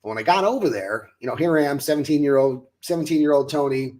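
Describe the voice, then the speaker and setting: A man's voice: on the high side, fast talker, a little mellow. A man in his late thirties from the United States, a coach and show host, telling his story in a casual chat and acting out his own past lines.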